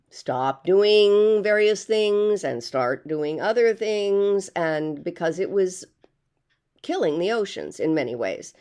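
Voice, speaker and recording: A woman's voice: deep voice, darkish tone. An older woman vlogging in a casual monologue, rambling and hesitant with many fillers.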